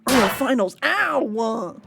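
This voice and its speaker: A woman streaming a game live, excitable and giggly as she chats with viewers and greets them. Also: fairly high pitch, gravelly. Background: game music.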